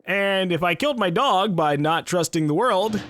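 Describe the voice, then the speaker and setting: A gaming YouTuber playing through a horror game, thinking aloud, swearing and yelling at the screen. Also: male voice, high voice, normal speed, slight background noise. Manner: excitable, swears, shouts at the game. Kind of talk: horror game let's play commentary. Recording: game music behind the voice.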